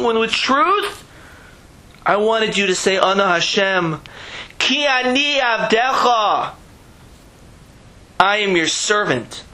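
A man plays a wise old Rebbe who gives firm, calm instruction at an unhurried pace. The voice stays high and bright. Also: full character voice, poor audio.

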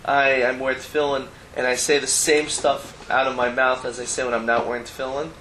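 A man's voice: medium pitch, level tone, fairly quick, bright, forceful tone. A man teaching a Talmud class, explaining the text line by line with Hebrew terms and casual asides. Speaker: Torah teacher. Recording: roomy echo, faint background noise.

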